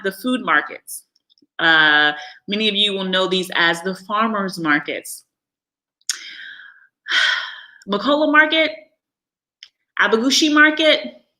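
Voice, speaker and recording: An American woman with an African American English accent, chatting candidly in a live vlog, laughing often and slipping into animated impressions. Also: mid-range voice, rough recording. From United States. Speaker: vlogger living abroad. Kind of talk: casual live-stream monologue.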